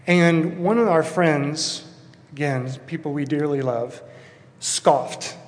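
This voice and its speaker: A man's voice: a little high, a little slow, big-room sound. A man from Texas, preaching as a pastor and telling a personal story in an earnest, reflective way. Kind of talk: sermon.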